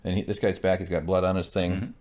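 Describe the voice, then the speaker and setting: Low-voiced and brisk, this man co-hosts a podcast's loose shot-by-shot recap. He jokes, swears and mimics characters mid-sentence in an animated way.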